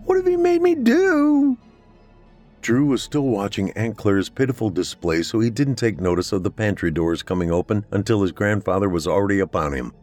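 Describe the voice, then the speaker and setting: Deep-voiced man narrating horror. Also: brisk, few pauses, darkish tone, faint music behind.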